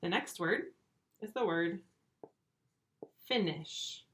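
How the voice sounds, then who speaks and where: A woman records a lesson for first graders at her whiteboard. Her voice is bright, and she sits slightly low in her range. She talks slowly and clearly, repeats each word, and gently cheers the children on. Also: a little hiss or hum. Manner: slow, clear, encouraging teacher talk with repeated words.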